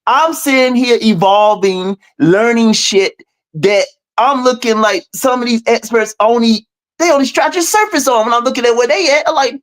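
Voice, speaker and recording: A man speaking as a guest over a video call, telling his story in an animated, profane way, dropping to low mutters and jumping to high exclaims. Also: normal speed.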